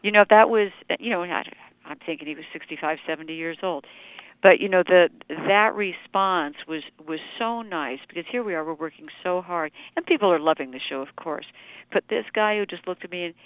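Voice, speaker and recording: A woman's voice: on the low side, fairly quick, narrow, tinny audio. A woman guest telling family stories in a casual interview, with lots of "you know" fillers. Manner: chatty storyteller, many "you know" fillers. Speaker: singer, guest.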